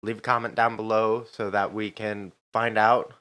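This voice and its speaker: A young man co-hosting a podcast in casual chat, easygoing and quick to laugh. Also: lowish voice, level tone, bright, forceful tone. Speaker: podcast co-host.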